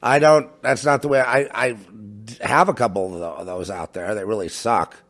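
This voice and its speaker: A middle-aged man from a home studio, rambling in a casual monologue, halting with many restarts and asides. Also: on the low side, a bit bright. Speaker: podcast host. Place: home in New Mexico.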